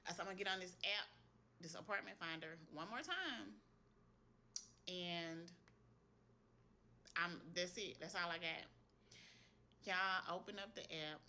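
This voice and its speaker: A woman's voice: lowish voice, measured pace, pauses often, sharp tone, a little hiss or hum. A woman, an esthetician, telling viewers a personal faith story in a casual, earnest testimony, speaking straight to them. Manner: earnest, retells what she heard in prayer.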